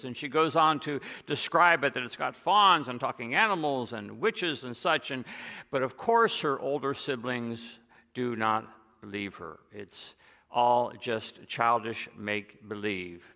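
Gravelly preacher man storytelling. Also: medium pitch, long reverb tail. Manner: storytelling, drops to a soft hush on key lines. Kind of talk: sermon.

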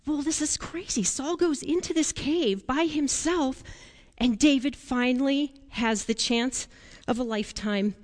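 High-pitched lady doing a kids' sermon, playful, lots of questions, echoey church. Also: unhurried. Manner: animated, playful storytelling with questions to children. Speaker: children's sermon leader. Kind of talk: children's sermon.

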